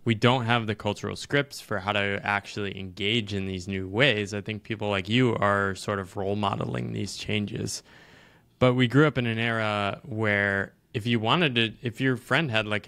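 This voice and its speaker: A man's voice: on the low side, steady tone, moderate pace, creaky, a bit bright, dry recording. A man who writes books, a podcast guest who tells stories and explains ideas at length in casual chat.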